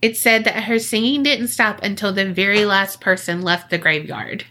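A woman's voice: medium pitch, normal speed, bright, forceful tone, slight background noise. A woman hosting a podcast, telling a story in a casual, joking way with swearing and lots of fillers. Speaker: podcast host.

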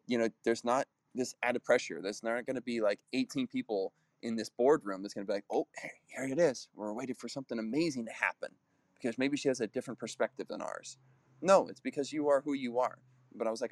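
A man's voice: medium pitch, no echo. A man in his thirties, a basketball player and coach, giving a casual motivational talk in an earnest, rambling way full of restarts and acted-out quotes. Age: 30s.

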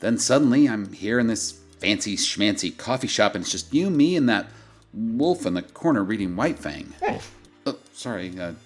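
A man's voice: on the low side, lively intonation, normal speed, soft background music. An actor playing a folksy, affectionate uncle who chuckles as he talks. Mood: jovial.

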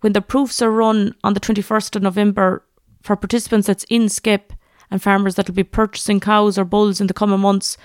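A woman hosting a podcast interview, putting brisk prepared questions to her guests. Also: medium pitch, flat delivery, no room sound, clean studio sound. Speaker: podcast host.

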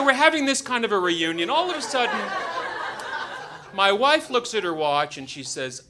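Joking and acting out the voices of the people in his story, a man who's a doctor recounts a true personal experience onstage. His voice is high and his pace moderate. Crowd noise and a noisy background come through on the recording.

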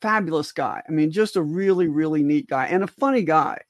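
A woman's voice: low voice, a little fast, no room sound, studio quality. Older woman, rambling emphatic talk. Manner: rambling, with many restarts and asides. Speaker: co-host physician. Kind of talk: livestream discussion.

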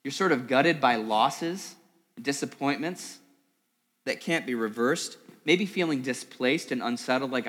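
A man's voice: mid-range voice, lively intonation, unhurried, fairly bright tone. Man preaching in a reverberant hall. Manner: conversational, repeats words, vivid storytelling. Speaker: pastor. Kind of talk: sermon. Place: church service in a school hall.

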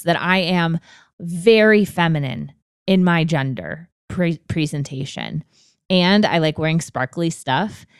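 Earnest and open, sometimes emotional, this podcast host in her twenties shares a personal story. She has a clear, resonant, lowish voice, and the clean studio recording carries no echo.

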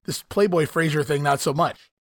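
Male podcast host, lively and incredulous, dry close mic. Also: on the high side, moderate pace, dry recording. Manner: animated, laughs often, incredulous. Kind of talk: casual podcast commentary.

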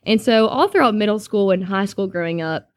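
Young woman, earnest personal testimony, mid-pitched voice, dry close sound, no echo. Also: a little fast. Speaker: speaker sharing a personal testimony.

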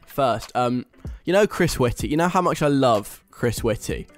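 A young British man hosts a radio show in casual talk, reading a list aloud and poking fun at it in a chatty, wry manner. His mid-range voice is expressive, he moves at a moderate pace, and faint music plays behind him.

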